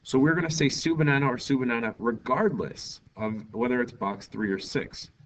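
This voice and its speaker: Speaking at normal speed and medium pitch, a male Spanish teacher runs a jokey, upbeat lesson and acts out little scenes. The classroom recording comes through a distant, dull lo-fi mic with faint ambience and slight background noise.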